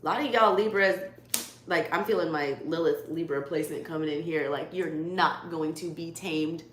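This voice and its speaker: A woman's voice: deep voice, moderate pace, a bit bright. A woman with a Southern US accent giving a live tarot reading in casual chat, blunt and swearing freely. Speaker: tarot reader. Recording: echoey room, faint background noise.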